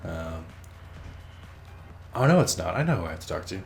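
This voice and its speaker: A man's voice: low voice, very animated, moderate pace, gravelly, soft background music. A man hosting a let's play, rambling casually as he plays, swearing freely and teasing himself. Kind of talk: casual gameplay commentary.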